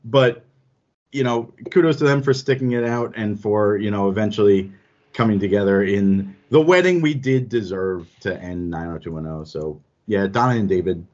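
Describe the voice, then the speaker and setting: A man's voice: fairly low pitch, darkish tone. Chatty man on a lo-fi podcast. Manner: rambling, self-correcting, chuckles often. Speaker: podcast panelist. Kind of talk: casual chat. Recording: dull lo-fi audio.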